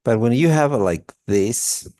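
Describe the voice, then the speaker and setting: A man's voice: mid-range voice, expressive, a little slow, dark tone. A man giving a one-on-one English pronunciation lesson, patiently repeating example sentences with many fillers. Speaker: English tutor.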